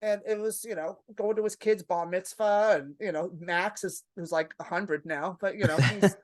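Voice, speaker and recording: A woman comedian, a podcast guest, telling stories in a lively, profane way and acting out her own panic. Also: mid-range voice, normal speed, no echo, clean studio sound. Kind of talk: casual podcast storytelling.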